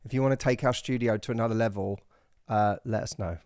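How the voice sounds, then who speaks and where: A man hosting a podcast in a playful, teasing, animated way. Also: lowish voice, quick pace, no room sound, studio quality. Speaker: podcast host. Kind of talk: casual chat.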